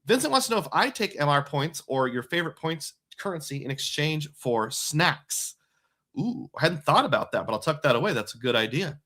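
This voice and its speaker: A man's voice: on the high side, animated, a little fast, hardly any pauses, sharp tone. A man hosting a live stream, chatting casually and rambling as he reads viewer comments aloud. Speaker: livestream host.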